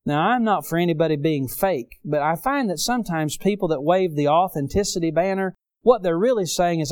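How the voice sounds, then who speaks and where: A middle-aged man preaching a sermon, rising to loud emphatic peaks and dropping low for stories. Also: animated, fairly quick. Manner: preaching with dramatic rises and drops in volume.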